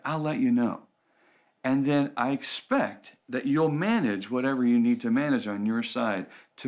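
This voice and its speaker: A man giving a conversational teaching talk on relationships, telling stories and acting out quoted voices with lively shifts. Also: mid-range voice, gravelly.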